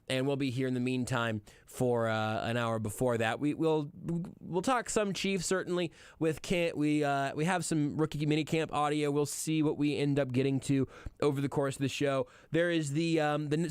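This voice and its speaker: A man's voice: on the high side, smooth, no echo, studio quality. A man hosting a sports radio show, talking casually and joking, with frequent fillers and restarts. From Kansas City area. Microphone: studio microphone.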